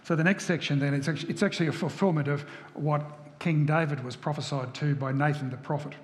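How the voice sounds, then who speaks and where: A man's voice: on the high side, steady tone, fast talker. Man preaching in an echoey hall. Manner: asks rhetorical questions. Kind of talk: sermon.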